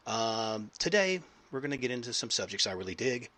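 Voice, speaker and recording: A man's voice: medium pitch, big pitch swings, brisk, pushed and bright. A man hosting a podcast interview, talking in a loose, rambling way with lots of fillers and jokes. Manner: rambling, filler-heavy, jokey. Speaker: podcast host.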